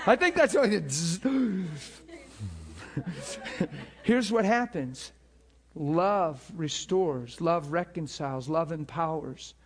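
Male pastor, fairly high voice, impassioned sermon delivery. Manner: impassioned preaching, laughs between points.

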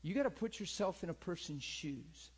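A man teaching in a church in an animated, earnest way, often asking his listeners to agree with him. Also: moderate pace, breathy edge. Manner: animated, acts out people in high pleading voices; earnest, repeats himself, asks listeners for agreement. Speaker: pastor and teacher.

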